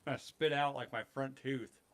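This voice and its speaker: Man, 30s, podcast co-host. Casual, profane storyteller who acts out every quote, mid-pitched. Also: moderate pace. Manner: profane, animated anecdote telling with acted quotes.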